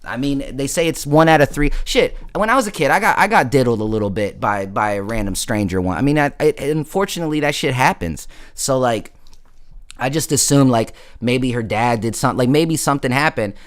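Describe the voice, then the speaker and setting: A man's voice: mid-range voice, a little fast. A man hosting a casual late-night stream, telling a story in a slangy, rambling way, full of fillers and asides. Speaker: livestream host.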